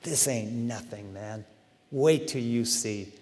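A man voicing Jesus as a calm, reassuring figure who speaks softly and casually, in a reverberant hall. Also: mid-range voice, slow pace, voice pushed down, close to an everyday voice. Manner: hushed, soft and casual.

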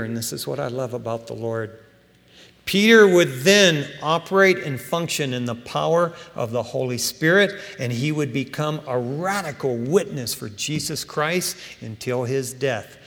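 A man preaching a sermon as pastor, animated and emphatic, with casual asides to his congregation. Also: medium pitch, creaky. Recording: long hall reverb.

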